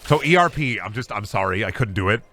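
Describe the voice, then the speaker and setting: Soft music plays behind a fast-talking streamer whose lowish voice is lively, pushed, and bright. He plays a game while joking, swearing, and responding to chat, often breaking into exasperated laughs.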